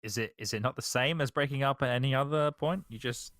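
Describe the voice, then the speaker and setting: A man co-hosting a podcast in casual chat, deadpan and sweary, spinning jokey mock scenarios. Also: mid-range voice, quick pace, dry recording, studio quality. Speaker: podcast co-host.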